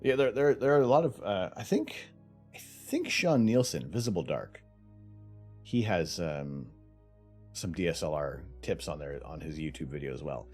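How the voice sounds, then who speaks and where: A Canadian livestream host speaks at a moderate pace in a low, husky, slightly mellow voice with big swings in pitch, faint music behind him. He rambles loosely through viewer questions, reading the chat aloud and restarting again and again.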